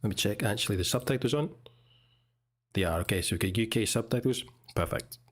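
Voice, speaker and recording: A man from Scotland with a Scottish accent, teaching English in a relaxed, chatty way as he comments on a video. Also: lowish voice, brisk, loud music behind the voice. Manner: relaxed, chatty, explains pronunciation.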